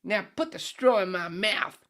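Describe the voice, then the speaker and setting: A man's voice: lively intonation, moderate pace. A man voicing a rude, bodiless talking head who barks orders in a mock Australian accent that slips toward British. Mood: bossy. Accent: mock Australian slipping toward British. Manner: barking demands, loud and high-pitched.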